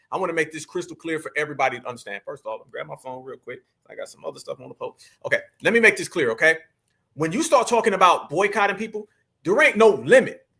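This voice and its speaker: High, bright-voiced fired-up male commentator. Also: breathy edge. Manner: emphatic, preachy, addresses viewers as family. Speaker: online commentary host.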